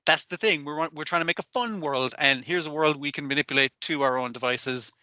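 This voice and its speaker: A man hosts a podcast in loose, sweary chat. His voice is bright and forceful, pitched a little high. The sound is dry and close, and he keeps breaking into character lines. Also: brisk, dry recording. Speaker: podcast host. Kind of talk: casual chat.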